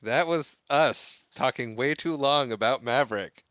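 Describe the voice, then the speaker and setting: A man's voice: medium pitch, measured pace, a bit bright, smooth, no echo. A man co-hosting a podcast, retelling film scenes in casual chat and acting out the lines. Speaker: podcast co-host.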